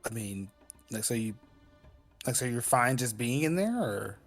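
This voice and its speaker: A man playing in a tabletop game, talking slowly and hesitantly as he works out his moves. Faint music sits under his voice. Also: mid-range voice, animated. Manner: hesitant, lots of ums and restarts. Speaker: player. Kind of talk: casual tabletop play.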